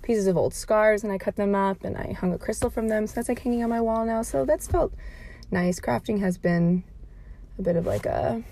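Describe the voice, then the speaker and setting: A woman's voice: mid-range voice, normal speed, gravelly, mellow. A young woman recording a casual audio diary from her parked car, rambling and filling her talk with "like". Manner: rambling, heavy use of filler "like".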